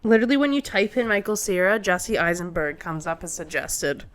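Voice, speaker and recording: A woman's voice: lowish voice, brisk. Outspoken young woman podcast co-host. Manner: opinionated, outspoken. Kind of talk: casual chat.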